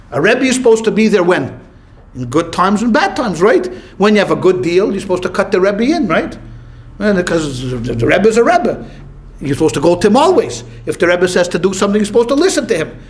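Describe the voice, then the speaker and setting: A man teaching a class as a rabbi, asking the room questions, answering them himself and telling short stories with quoted lines. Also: high voice. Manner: lively, asks questions and answers them himself, tells anecdotes with voiced quotes. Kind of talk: classroom lecture with questions to the audience.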